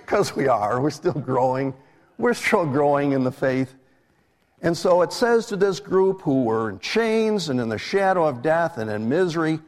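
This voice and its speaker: A man's voice: fairly high pitch, sing-song, normal speed. A middle-aged man, a minister, preaching a live sermon in a church in a conversational way, putting questions to his congregation. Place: church sanctuary. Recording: live church recording with long hall reverb.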